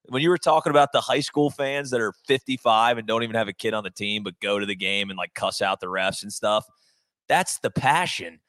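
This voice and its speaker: A man's voice: fairly low pitch, brisk, a bit bright, no echo. A young man co-hosting a podcast, telling sports stories in a laid-back, joking way. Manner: laid-back storytelling, silly voices for jokes. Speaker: podcast co-host. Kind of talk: casual sports chat.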